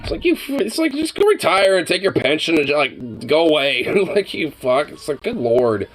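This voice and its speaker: Animated swearing man ranting. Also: a little high, normal speed, faint music behind. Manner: animated, mocking, laughs often. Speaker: reaction commentator. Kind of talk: casual profane rant.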